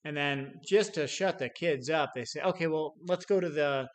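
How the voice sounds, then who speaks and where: A man's voice: a little high, normal speed. A middle-aged man teaching sales in an unscripted talk, telling stories with acted-out quotes, chuckling and restarting his phrases often. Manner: many restarts and repeated words. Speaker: sales trainer.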